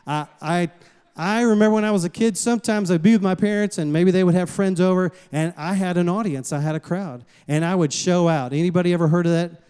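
A man from the States, preaching a sermon as a pastor and calling out to the congregation in a lively storytelling way. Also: high-pitched, fairly quick, smooth. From Southern United States. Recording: long hall reverb.

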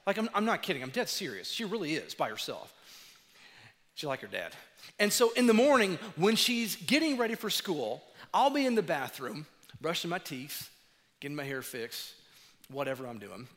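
Man preaching, animated storyteller, slightly high voice, bright tone, long hall reverb. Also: normal speed. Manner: animated, acts out dialogue in storytelling. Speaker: pastor. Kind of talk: sermon.

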